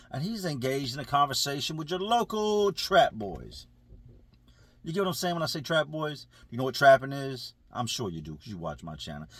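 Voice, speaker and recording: A man's voice: a little high, a bit bright, husky, no echo. A man telling a prison story casually to viewers, using street slang and speaking to them directly.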